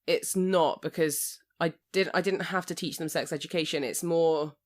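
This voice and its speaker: A woman, co-hosting a casual podcast chat and telling a story with lively, laughing delivery. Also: sits low, moderate pace. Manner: animated storyteller, laughing often. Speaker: occasional co-host.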